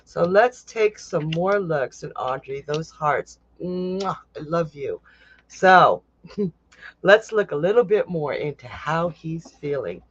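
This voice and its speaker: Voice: medium pitch, big pitch swings, slow pace, muffled recording. A psychic host giving a casual live tarot reading, chatty and blunt, swearing freely.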